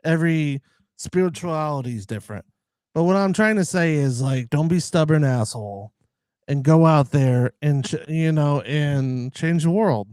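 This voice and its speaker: A man's voice: fairly high pitch, moderate pace, darkish tone, clear, resonant tone, no echo. An American man in casual chat, talking earnestly and rambling with many fillers. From United States. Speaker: podcast guest.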